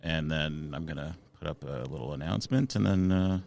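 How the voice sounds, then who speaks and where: A man's voice: rumbling low, brisk, vocal fry, darkish tone. A man in his thirties, a musician guest on a casual podcast, talking with hesitant fillers and restarts.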